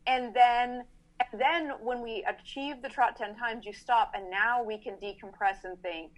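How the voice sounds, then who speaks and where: Animated woman horse trainer explaining. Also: a little high. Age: middle-aged. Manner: animated, acts out riders' thoughts in quick asides. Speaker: horse trainer, podcast guest. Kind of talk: casual explanatory chat.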